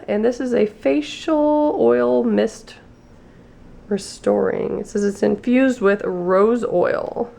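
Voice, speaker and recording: A woman's voice: mid-range voice, creaky, darkish tone. A woman vlogger losing her voice, chatting casually through a beauty box unboxing and reading labels aloud.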